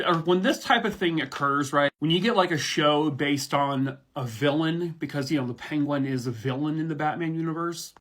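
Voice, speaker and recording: Excitable, foul-mouthed man reviewing shows. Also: on the high side. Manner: enthusiastic, profane and rambling. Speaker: online reviewer. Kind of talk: casual review chat.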